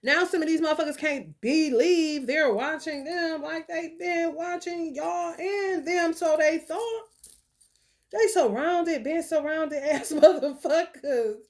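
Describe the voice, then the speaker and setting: A woman giving casual spiritual commentary, profane and animated, with laughing asides. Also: extremely high pitch, slow. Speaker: spiritual reader.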